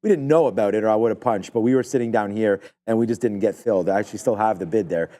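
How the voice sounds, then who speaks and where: Male trading host, live commentary, loose and rambling, relaxed dark timbre. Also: lowish voice, fast. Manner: rambling, excitable, filler-heavy.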